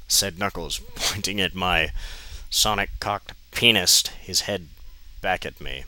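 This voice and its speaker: A man's voice: sits low, slow pace, sharp tone, no room sound, rough recording. A man doing a comedic dramatic reading of a bad fan story, breaking off often with sarcastic, exasperated, swearing commentary.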